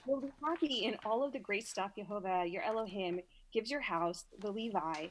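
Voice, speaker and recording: A woman's voice: medium pitch, normal speed, a little hiss or hum. Brooklyn woman on a podcast, casual chatty reading, trips over words now and then. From Brooklyn, New York. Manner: chatty, reads with small stumbles and repeats. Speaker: guest reader. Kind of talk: casual podcast chat and reading scripture aloud.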